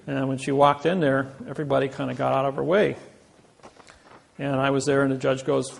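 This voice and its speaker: A man giving a rambling storytelling lecture to a class, with many halting restarts. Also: medium pitch, little pitch movement, gravelly. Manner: rambling anecdotes with acted quotes. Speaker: speaker teaching a class.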